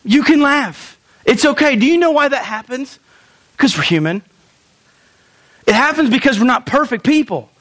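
High-voiced animated male pastor. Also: moderate pace, pauses often. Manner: animated, jokey, acts out pleading quotes. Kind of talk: sermon.

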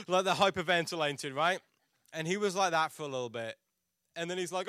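A man's voice: a little high, lively intonation, a little fast, bright, forceful tone, no room sound, studio quality. A man preaching a sermon as a pastor, telling a personal story in a chatty, self-mocking way with frequent restarts.

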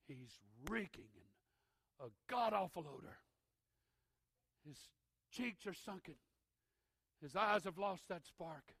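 A middle-aged man preaching a sermon, swinging from shouted preaching to hushed intensity, with a gravelly voice. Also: sits high, expressive, takes it slowly, long pauses, no room sound. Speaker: pastor.

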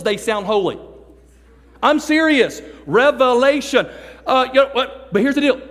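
Joking, animated preacher man in a hall. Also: very high voice. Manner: animated and joking, acting out people he describes. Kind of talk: sermon to a youth service. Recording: long hall reverb.

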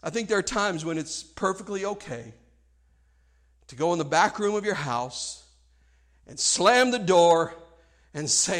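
A man preaching from the pulpit in a fairly high voice. His delivery is impassioned, rising to loud pleading and then falling to a hush. He often repeats words as he drives a point home. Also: expressive, measured pace, long pauses. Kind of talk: sermon.

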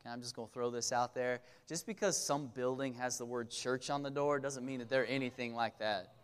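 A man preaching a casual sermon at a youth camp, joking and talking straight to the audience with quick asides. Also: mid-range voice, fairly even intonation, clean tone.

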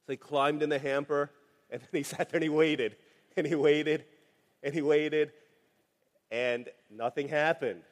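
A man preaching a sermon in a relaxed, conversational way, telling a family story with many fillers. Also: on the high side, measured pace, long pauses. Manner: conversational, anecdotal, frequent fillers. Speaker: pastor. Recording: long hall reverb.

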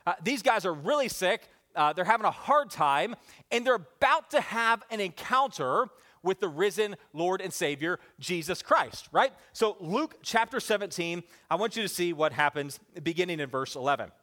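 Lively high-voiced male preacher. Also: normal speed. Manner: animated preaching, swings from loud to hushed, calls for congregation response. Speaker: pastor. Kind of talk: sermon.

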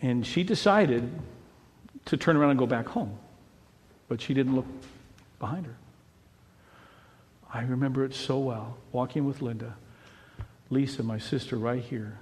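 A middle-aged man, a pastor, preaching a sermon in an animated way, dropping to a hush and then rising to a shout. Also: medium pitch, measured pace, long pauses, in a large hall. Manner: animated preaching, swinging between hushed and shouting.

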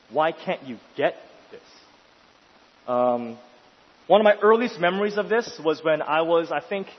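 A man with a fairly high, husky voice delivers a sermon in a large hall with a long reverb. He swings between urgent, rising questions and quiet, hushed stretches. The sound is dull and lo-fi. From New York City. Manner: emphatic, rising to intense questions then dropping quiet. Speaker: pastor.

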